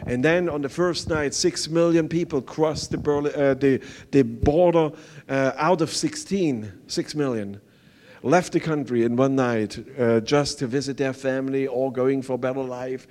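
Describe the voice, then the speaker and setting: An older man with a German accent giving an earnest sermon testimony as a visiting pastor, speaking halting English with many fillers. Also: medium pitch, a little mellow.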